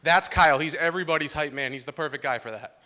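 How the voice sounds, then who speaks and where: A man's voice: fairly high pitch, fast talker. A young man giving a joking, heartfelt groomsman's toast at a wedding reception, speaking into a handheld microphone. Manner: loud, joking, emotional storytelling.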